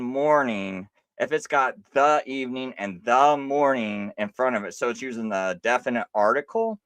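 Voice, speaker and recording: A man hosting a live stream, talking casually and insistently, with halting restarts as he argues a point. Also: medium pitch, fairly bright tone, smooth, no room sound.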